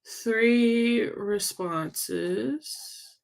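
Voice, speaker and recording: A woman leading a casual team livestream in an unhurried, drawn-out way. She chats and teases her team as she reads their answers. She thinks out loud while working through the numbers. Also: fairly low pitch, expressive. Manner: chatty, teasing, thinks aloud while working sums. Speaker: sales team leader.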